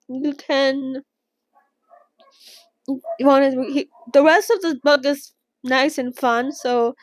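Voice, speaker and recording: In a close, dry recording with no room sound, a young channel host reads a novel aloud in a casual read-along. Her high, bright voice falters as she reads, breaking off for emotional gasps and restarts, then picks the text back up.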